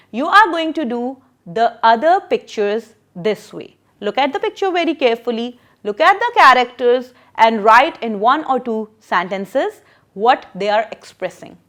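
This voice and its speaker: A woman's voice: a little high, animated, measured pace, a bit bright. A woman teacher explaining a lesson to children, patient and repeating her questions.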